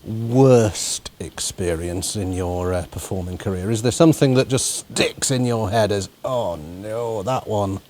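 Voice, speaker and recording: Chatty male host with a lowish voice. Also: darkish tone. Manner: chatty, halting questioner. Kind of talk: interview chat.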